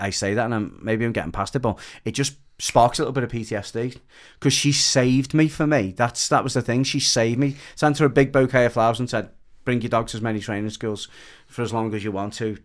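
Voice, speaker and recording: A British man on a podcast, telling a personal story in a rambling, emotional way with lots of quoted dialogue. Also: mid-range voice. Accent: British English. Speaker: podcast guest. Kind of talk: casual storytelling chat.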